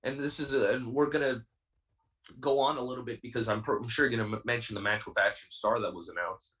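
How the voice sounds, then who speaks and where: A man's voice: medium pitch, fairly even intonation, fast, a bit bright, recorded from a distance, poor audio. A man of twenty, a wrestler speaking as a guest on a podcast, talking intensely and defiantly and repeating himself to make his point. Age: 20s. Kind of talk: heated podcast interview.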